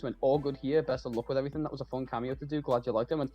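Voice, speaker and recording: A man's voice: on the high side, rapid-fire, few pauses, dull audio, faint music behind. Laughing, swearing Scouse storyteller, a man. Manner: animated storyteller, swears freely, laughs often. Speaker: streamer. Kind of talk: casual chat. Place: home.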